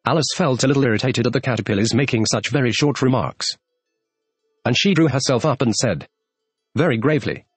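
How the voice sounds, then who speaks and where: A man narrating a classic children's story with an expressive, lively reading. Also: mid-range voice, brisk, breathy edge, no echo, soft background music. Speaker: audiobook narrator.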